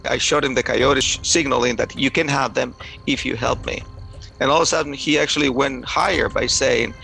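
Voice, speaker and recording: Halting man with a gravelly voice. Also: medium pitch, steady tone, bright, forceful tone, soft background music, poor audio. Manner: halting, repeats words and restarts often. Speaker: storyteller. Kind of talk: personal story told aloud.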